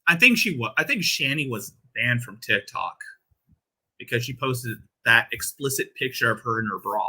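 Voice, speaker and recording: Male commentary host, crude and rambling, very bright edgy tone. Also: medium pitch, animated, normal speed, slightly rough. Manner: crude, rambling, laughing at his own jokes. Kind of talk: casual reaction commentary.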